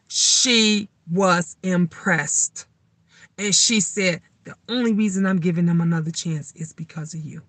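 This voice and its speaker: A middle-aged woman, chatting live and telling stories in a bright, forceful voice. She talks emphatically and swears freely. The sound is close and dry, with no room echo. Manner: emphatic, swears freely, gets louder and higher when riled up. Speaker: live stream host. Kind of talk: casual live chat storytelling.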